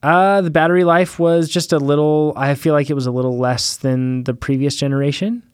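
A man in relaxed podcast chat who talks in loose, joking asides and keeps stopping to restart a thought. His voice sits mid-range and is recorded dry and close, with no room sound around it. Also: on the high side, fairly quick, clean tone, no room sound. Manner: jokey, hesitant, restarts often. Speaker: podcast co-host. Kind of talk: casual chat.

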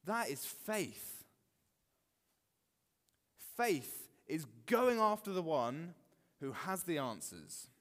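A man preaching a sermon in a church, animated and expressive. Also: fairly high pitch, extremely slow, pauses often, in a large hall. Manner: animated, acts out quoted voices. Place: church hall.

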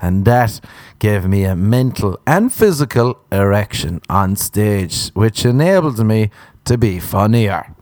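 An Irish man telling a comic story in a casual, sardonic way, with profanity and deadpan understatement. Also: lowish voice, takes it slowly, dry recording, studio quality. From Ireland. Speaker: comedian.

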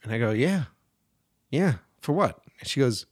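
Animated man in his forties telling a story. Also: mid-range voice, fairly quick, no echo, clean studio sound. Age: 40s. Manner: animated, profane, acts out quoted people. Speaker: podcast host. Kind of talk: casual storytelling.

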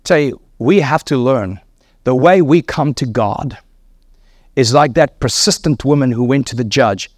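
A man's voice: mid-range voice, measured pace, no echo, clean studio sound. A man preaching a sermon, emphatic and repetitive, voice climbing sharply on key words.

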